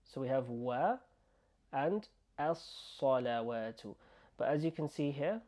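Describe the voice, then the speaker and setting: A man teaching an online language lesson, slowly repeating words and sounds for the learner to copy. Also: fairly high pitch, expressive, warm tone. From United Kingdom. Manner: slow, repeating words and sounds to drill pronunciation. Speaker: Arabic teacher.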